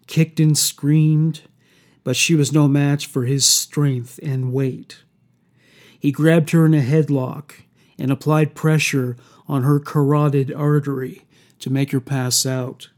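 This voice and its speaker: A man reading a dark horror story aloud in a slow, steady storytelling delivery. His voice sits a little high for a man. He takes his time over each line. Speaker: narrator. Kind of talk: scripted horror story narration.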